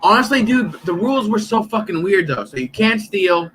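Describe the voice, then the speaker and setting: Man, 30s, streamer. Bright, high-ish voice, faint noise behind, profane and animated storytelling. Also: normal speed, poor audio. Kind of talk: casual live-stream chat.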